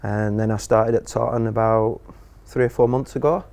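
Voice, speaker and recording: A studio guest with a fairly low voice, moderate pace, and vocal fry chats casually about his work in football in an interview setting. He is relaxed and conversational and says "me" in place of "my."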